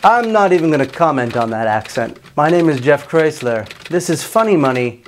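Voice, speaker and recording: A man's voice: on the high side, expressive, normal speed, slight background noise. A man hosting a comedy show, giving sarcastic, satirical commentary on business news. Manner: sarcastic, with jokey swoops into silly voices.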